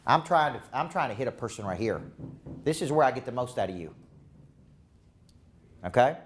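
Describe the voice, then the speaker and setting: A man's voice: medium pitch, expressive, normal speed. A man coaching managers at a live seminar, talking in an emphatic, repetitive, rallying way. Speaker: business coach. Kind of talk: live motivational seminar talk.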